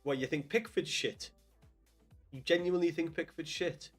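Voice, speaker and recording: A man's voice: a little high, moderate pace, faint music behind. A young man with a Scouse accent chatting casually on a live stream about football, swearing often and calling viewers lad. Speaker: livestream host.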